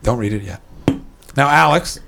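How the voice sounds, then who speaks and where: Wry gravelly male stand-up comedian. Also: medium pitch, animated, moderate pace, fairly bright tone, a little hiss or hum. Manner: wry, teasing, swearing freely. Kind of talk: improvised stand-up with crowd work. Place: comedy club stage. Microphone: handheld stage mic.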